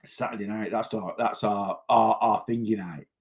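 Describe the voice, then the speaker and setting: A man's voice: fairly low pitch, steady tone, normal speed. A man, a weight loss coach chatting casually on a livestream, rambling and answering viewer comments as he goes. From North West England.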